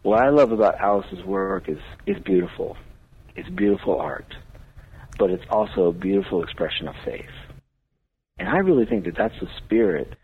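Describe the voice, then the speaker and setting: Low husky priest talking faith on a radio show, earnest and preachy, sounds like a phone line. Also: male voice, wildly swooping pitch, moderate pace. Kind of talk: radio talk show discussion.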